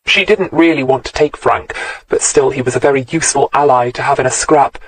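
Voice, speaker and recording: A man narrating a crime novel audiobook in a steady, measured storytelling voice, recorded close to the mic. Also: mid-range voice, husky, no room sound, low-quality recording.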